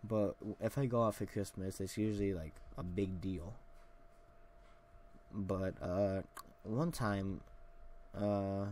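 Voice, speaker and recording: A man's voice: sits low, fairly even intonation, slow, long pauses, mellow, a little hiss or hum. Rambling young man telling a story. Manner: rambling, many fillers and restarts. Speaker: podcast host. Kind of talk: casual solo storytelling.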